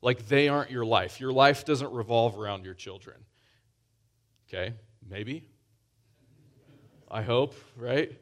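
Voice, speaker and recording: A man's voice: mid-range voice, slow, long pauses, a bit bright. A man preaching a sermon in a conversational way, often restarting phrases and pushing up for emphasis.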